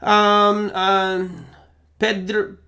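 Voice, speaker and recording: A man's voice: high-pitched, monotone, extremely slow, bright, forceful tone, clean tone. A middle-aged man hosting a live trading Q&A, casually explaining his approach and reading out viewer questions as he goes. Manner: conversational, explains while reading questions aloud.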